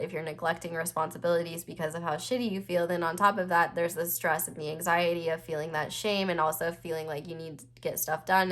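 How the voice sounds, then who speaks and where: Young woman, slightly low voice, casual tarot reader; earnest, reassuring, rambling, stuffy nose, near tears. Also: fairly bright tone. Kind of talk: casual pick-a-card tarot reading.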